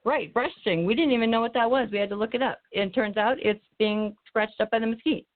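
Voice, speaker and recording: A woman's voice: a little high, a little fast. A woman paranormal investigator telling a story in a rambling way, with many ums and restarts. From Arizona. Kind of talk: casual interview storytelling. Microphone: remote call mic, drifting off-mic. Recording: tinny phone-like call line.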